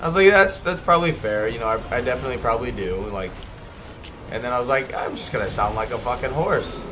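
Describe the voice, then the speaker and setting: A young man chats his way through a game livestream, rambling and restarting his sentences as he goes. His voice sits in a middling pitch. A faint hiss of noise runs underneath. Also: fast. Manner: rambling, chatty, lots of fillers and self-corrections. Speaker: gaming streamer. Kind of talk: casual livestream commentary.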